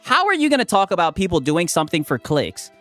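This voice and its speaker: A man's voice: high-pitched, huge pitch swings, fast talker, a bit bright, no echo, soft background music. A man streaming a live reaction, sarcastic and profane, calling the other man "brother" over and over. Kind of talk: casual live reaction commentary.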